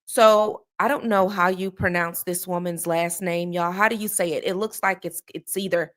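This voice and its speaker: A woman hosting a relaxed live stream about a true crime case, talking straight to her viewers. She is chatty and loose, greeting people by name mid-sentence. She often tags her points with a quick "okay?" or "all right?". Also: fairly low pitch. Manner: conversational, checks in with frequent "okay?" tags. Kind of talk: casual live-stream commentary.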